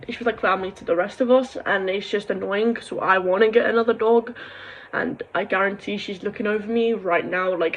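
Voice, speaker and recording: Young woman vlogger, husky and gravelly, rambling and raw. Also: mid-range voice, fairly even intonation, a little fast, dull audio. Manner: rambling, heartfelt, swings into angry ranting. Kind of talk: emotional confessional vlog.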